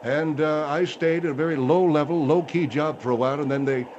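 A man playing a gruff, condescending retired general in a comedy radio bit, stammering and bossy. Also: on the high side, fairly even intonation, a little fast, darkish tone, highs cut off, slight background noise, close to an everyday voice. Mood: boastful.

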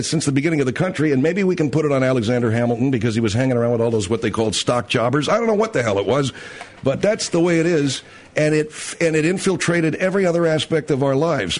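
A man's voice: mid-range voice, lively intonation, fast. A man hosting a talk show, ranting bluntly and profanely in a casual, opinionated way. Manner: blunt and profane, acts out others' voices. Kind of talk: opinionated talk radio rant.

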